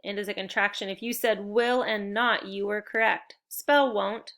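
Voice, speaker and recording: A woman with a bright, crisp voice teaches spelling to young children. She is upbeat and encouraging and walks the class through each step clearly. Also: medium pitch, fairly even intonation, moderate pace.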